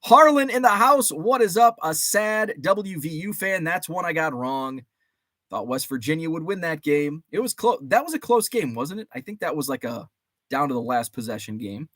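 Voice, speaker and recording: A man around forty hosts a relaxed live chat show in a slightly raised, very animated voice that swings up and down as he rambles and reminisces. He greets viewers by name and swears mildly. The sound is close and dry, with no room around it. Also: fairly high pitch, moderate pace, no room sound. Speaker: host. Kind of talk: casual livestream chat.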